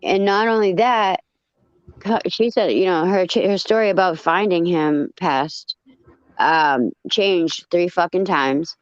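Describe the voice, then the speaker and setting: A woman telling a story in casual chat, blunt and profane, with animated retelling. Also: fairly low pitch, slow pace, no room sound, dull audio.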